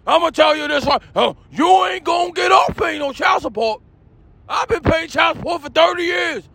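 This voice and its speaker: Loud, hyped comedy host man. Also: extremely high pitch, animated, normal speed, creaky, dry recording. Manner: loud, hyped, shouting rants. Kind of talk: comedy rant.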